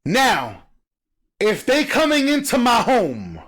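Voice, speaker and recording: Man, reaction host, high voice, very lively, emphatic, acts out sounds. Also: moderate pace. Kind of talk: animated reaction commentary.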